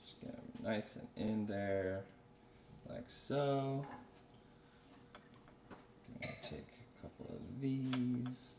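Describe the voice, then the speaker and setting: A man's voice: mid-range voice, takes it slowly, long pauses, far from the mic. Man cooking in an echoey kitchen. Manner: relaxed, chatty, repeats phrases. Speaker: cook. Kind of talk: casual cooking demo chat. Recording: echoey kitchen, mic from afar, noisy. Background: frying and sizzling.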